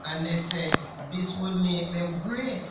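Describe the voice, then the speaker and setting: A man's voice: high-pitched, unhurried, very noisy. A man with a Jamaican accent preaching a sermon in a church, emphatic and putting rhetorical questions to the congregation. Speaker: lay preacher. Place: church sanctuary. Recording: very echoey church, dull sound.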